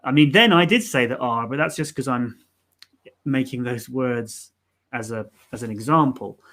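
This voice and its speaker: This co-host of a live learning stream has a medium-pitched, fairly bright voice and speaks at a moderate pace. His pronunciation explanations come out casual and hesitant, peppered with fillers, ums, and restarts.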